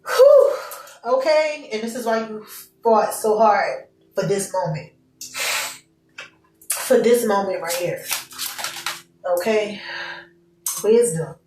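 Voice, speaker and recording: A woman's voice: medium pitch, takes it slowly, long pauses, darkish tone, roomy sound, far from the mic, a little hiss or hum, rough recording. A young woman giving a casual tarot reading to her viewers, candid and emotional, full of slang and swearing. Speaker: tarot reader.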